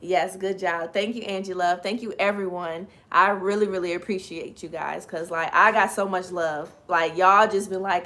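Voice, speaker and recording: A woman in her thirties hosts a relaxed livestream, talking straight to her viewers and thanking them one by one. Her voice comes out slightly raspy and strained, with a lilt and easy laughs between the chatter. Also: fairly low pitch, moderate pace, few pauses. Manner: chatty, greets viewers by name, laughs often. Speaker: livestream host. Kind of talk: casual livestream chat with viewers.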